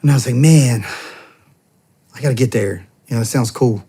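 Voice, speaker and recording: A man's voice: medium pitch, normal speed, warm tone, breathy edge. A man in his thirties from the United States, a former soldier telling a long casual story in an interview, full of "I'm like" and quoted back-and-forth. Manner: rambling, heavy on "I'm like" and quoted dialogue. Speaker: podcast guest, former soldier and police officer.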